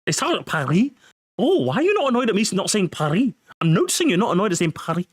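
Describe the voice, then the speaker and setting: Excitable high-voiced young man reacting. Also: fast talker, breathy edge. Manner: excitable, mocking, laughs often, swears. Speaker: streamer reacting to videos. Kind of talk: animated reaction commentary.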